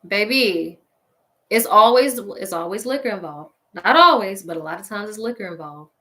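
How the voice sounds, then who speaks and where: A woman's voice: medium pitch, normal speed. A woman hosting a show and delivering a casual, sassy comedic rant straight to her listeners, laughing often along the way. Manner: sassy, petty, animated ranting. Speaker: podcast host.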